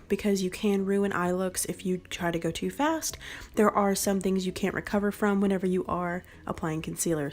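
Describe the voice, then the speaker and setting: Calm woman talking through a makeup tutorial. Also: mid-range voice. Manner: calm, step-by-step instructional. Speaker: beauty vlogger.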